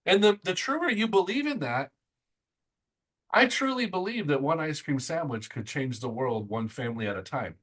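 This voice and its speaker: A middle-aged man hosts a motivational interview with a bright, forceful tone. He talks in excitable bursts and keeps the energy high. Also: moderate pace, rough recording. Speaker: interview host. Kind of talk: enthusiastic motivational chat.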